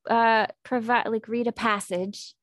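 An American woman hosting a casual book-club chat, talking in a chatty, animated way with lots of fillers. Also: fairly high pitch, unhurried, no echo, clean studio sound.

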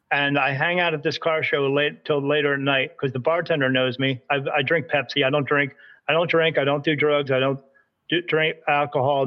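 A man's voice: a little high, highs cut off. A man from Delaware, a spirit medium, casually telling a rambling story in an interview. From Delaware, United States. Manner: rambling, animated anecdote telling with acted quotes.

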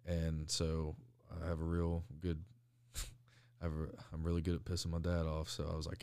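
A man's voice: low voice, monotone, moderate pace, a little mellow, clear, resonant tone, no room sound. A young man, a pro wrestler guest, rambling through stories in casual interview chat and laughing often.

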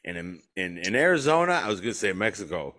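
A man's voice: low voice, very animated, quick pace, bright, forceful tone. A man hosting a podcast, telling a story in a casual chat, swearing a lot, laughing often and acting out the voices of people he quotes. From western New York. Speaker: podcast host. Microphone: remote call.

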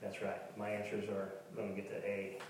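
Folksy pastor preaching in an echoey hall. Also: male voice, on the low side, completely flat delivery, moderate pace, a little hiss or hum. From Kansas, USA. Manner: folksy, conversational preaching with asides to the congregation. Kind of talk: sermon with personal stories. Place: church sanctuary. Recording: very echoey church hall, mic at a distance.

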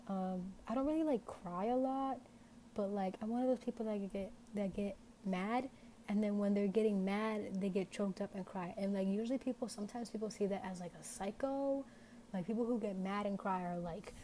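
A woman's voice: mid-range voice, mellow, slight background noise. A young woman hosting an unscripted podcast, talking casually and rambling with many fillers. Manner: rambling, lots of "like" fillers, candid. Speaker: podcast host.

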